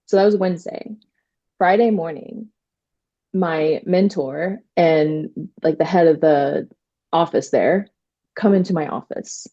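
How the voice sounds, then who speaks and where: A woman attorney telling stories in a casual interview, animated, quoting herself and using many fillers. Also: low voice, unhurried, dull audio. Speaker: trademark attorney guest.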